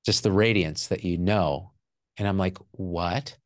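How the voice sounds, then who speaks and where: Low-voiced man telling a raw personal story. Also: normal speed, dry recording, clean studio sound. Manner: emotional, raw, repeating phrases, swearing. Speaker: podcast guest.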